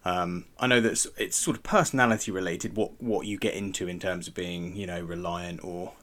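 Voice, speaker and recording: A man's voice: low voice, steady tone, fairly quick, fairly bright tone. A man co-hosting a podcast, talking in a rambling way, correcting himself and chuckling often. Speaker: podcast co-host. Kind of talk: casual chat.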